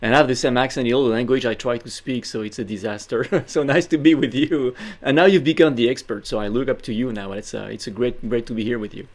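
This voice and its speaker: A man with a French accent, a guest in an interview, talking in a modest and relaxed way. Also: mid-range voice, fast talker, few pauses. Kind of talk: interview conversation.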